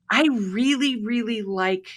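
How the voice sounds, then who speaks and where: A middle-aged woman, a pharmacy professor, chatting as a podcast guest and telling jokes with lively character voices. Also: on the high side. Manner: acts out both sides of a joke with lively voices. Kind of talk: casual interview, animated joke telling.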